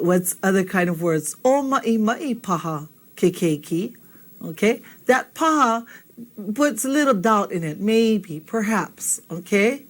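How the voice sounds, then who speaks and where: A woman teacher talks a learner through a spoken lesson. She speaks at a mid pitch, patient and encouraging, and keeps checking in with a quick "okay?". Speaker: language teacher.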